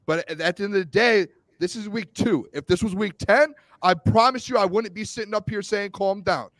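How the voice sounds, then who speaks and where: A man's voice: high-pitched, fairly quick, a bit bright, no room sound, rough recording. A man, co-hosting a sports show, pushing back in a defensive, stammering way. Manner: defensive, protesting, stammering restarts. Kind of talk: heated sports debate.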